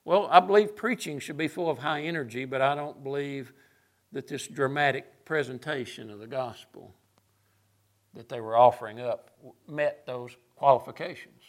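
A man's voice: medium pitch, normal speed. A man preaching a sermon, emphatic and sarcastic, building his points through lists.

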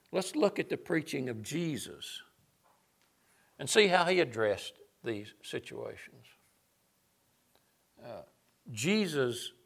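A man's voice: mid-range voice, a bit bright. A man preaching a sermon, emphatic and sarcastic, building his points through lists.

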